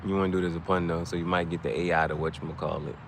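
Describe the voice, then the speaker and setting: A man chatting casually and joking, laughing often and swinging his voice high and low. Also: flat delivery, rapid-fire, gravelly, background noise. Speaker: channel host.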